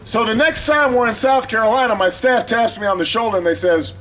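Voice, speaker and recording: A political candidate telling an anecdote at a campaign rally, in an easy storytelling manner that builds to a rousing call-and-response. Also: male voice, extremely high pitch, a little fast, a bit bright, a little hiss or hum, rough recording.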